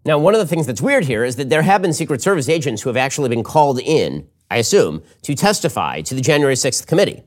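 A man hosting a political commentary show, talking fast and argumentatively, with a read ad segment. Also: medium pitch. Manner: quick, animated, argumentative.

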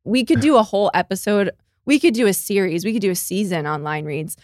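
A woman's voice: medium pitch, brisk, a little mellow, no echo, clean studio sound. A woman co-hosting a podcast in casual chat, enthusiastic and given to melodramatic reenactments of quotes. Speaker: podcast co-host.

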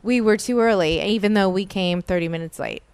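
Woman podcast host, casual chat, effusive, lots of "like", mid-pitched, dry close mic. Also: brisk, a little mellow, smooth, dry recording. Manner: emotional, chatty, says "like" often.

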